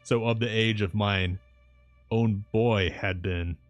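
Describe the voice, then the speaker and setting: A man's voice: lowish voice, fairly even intonation, slow, dry recording, faint music behind. A man voicing an old, grieving male professor who rambles in archaic, broken-English phrasing.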